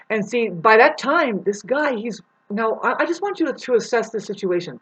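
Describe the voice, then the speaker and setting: Husky woman telling a rambling story. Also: on the high side, lively intonation, normal speed, lo-fi sound. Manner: rambling, swears, acts out the people in her story with big voice swings. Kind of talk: casual storytelling monologue.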